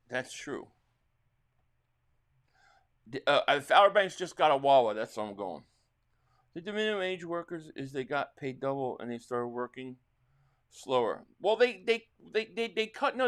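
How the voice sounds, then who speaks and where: This is a middle-aged man with a New Jersey accent, hosting a live football reaction stream. His voice sits a little high and swings widely in pitch. He drifts from one topic to the next, and he calls the plays as they happen. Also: normal speed. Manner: rambling chat with chat readers, bursts into excited play calls. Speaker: livestream host reacting to a football game.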